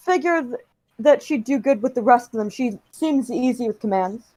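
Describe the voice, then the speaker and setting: A woman's voice: a little high, moderate pace, dark tone, dry recording. A woman playing her character at a tabletop game, answering in a matter-of-fact way. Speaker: player.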